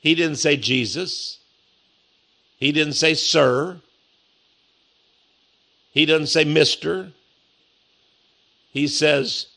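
A man preaching a sermon, emphatic, repeating key phrases and reading scripture slowly. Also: fairly high pitch, creaky, sharp tone.

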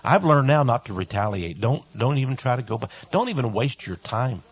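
A man preaching a radio sermon with great emphasis, dropping to soft asides and rising to loud cries, sometimes mimicking his critics in mocking voices. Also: medium pitch, big pitch swings, a little fast, slightly rough.

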